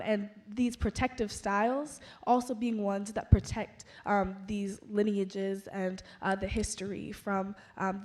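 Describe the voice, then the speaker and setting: A young adult woman, a scholar reflecting thoughtfully on her experience, speaking in measured phrases with frequent pauses. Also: medium pitch, a little mellow. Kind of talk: conversational reflection.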